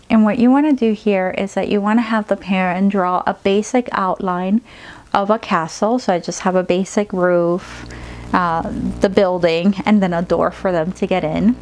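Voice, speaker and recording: A woman play therapist demonstrating a storytelling technique, switching between slow, gentle storytelling and practical instructions. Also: mid-range voice, fairly even intonation.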